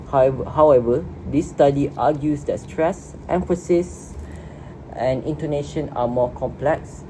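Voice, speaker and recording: A woman giving a student class presentation in a noisy room and reading from prepared notes. She repeats a word here and there as she goes. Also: a bass voice. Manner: reads prepared notes, repeats words at times.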